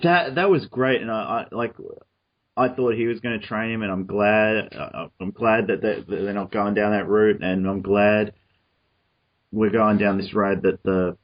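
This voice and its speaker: A man's voice: on the low side, fairly even intonation, unhurried, muffled recording. An Australian man hosting a casual discussion over an online call, rambling with many restarts and fillers. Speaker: podcast host.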